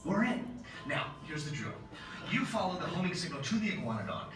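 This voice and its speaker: A man's voice: sing-song, music in the background. An actor playing a reckless male scientist briefing riders in a breezy, overconfident way. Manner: fast, breezy, overconfident pitch. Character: reckless, eager male time-travel scientist. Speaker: ride pre-show scientist. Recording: very echoey space from far off, ride noise.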